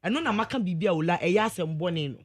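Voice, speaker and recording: A woman with a Ghanaian accent, co-hosting a radio talk show, animated and exclaiming as she banters. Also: fairly low pitch, fast talker. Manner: animated, exclaiming, mixing English and Twi. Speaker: radio co-host. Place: radio studio.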